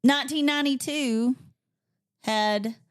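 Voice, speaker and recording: A woman co-hosting a music podcast in a relaxed, casual chat. Her voice sits a little on the high side, and she laughs often while arguing her picks with playful emphasis. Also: measured pace, clean tone. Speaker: podcast co-host.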